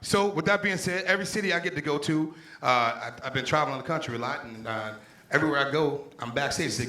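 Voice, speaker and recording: Performing stand-up at a small comedy club, this Pittsburgh man speaks quickly in a fairly high, pushed, bright voice. His delivery is profane and loose, full of crowd-work banter, captured in an echoey room alongside crowd noise.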